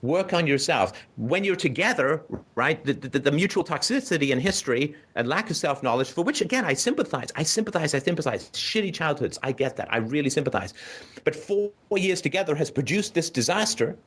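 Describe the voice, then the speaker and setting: A man hosting a call-in show, giving blunt, forceful advice to a caller in an emphatic lecture full of profanity and vivid imagery, often checking in with "right?". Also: on the high side, very animated, brisk, slightly rough.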